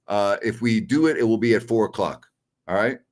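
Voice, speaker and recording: A man's voice: fairly low pitch, brisk, darkish tone. Blunt, opinionated male sports talk host. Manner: blunt and opinionated, scoffs at callers. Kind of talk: live-stream Q&A answering viewer messages.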